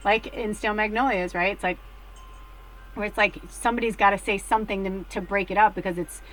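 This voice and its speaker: A middle-aged woman reading tarot cards in a casual, rambling chat, full of fillers, swinging between hushed and excited. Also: mid-range voice, a little fast, a little hiss or hum, poor audio. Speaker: tarot card reader.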